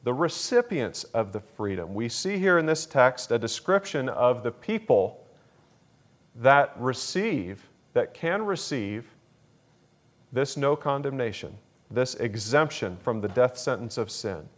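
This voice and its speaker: A man preaching a sermon, slow and deliberate, repeating key phrases for emphasis. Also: mid-range voice, big pitch swings. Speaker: pastor.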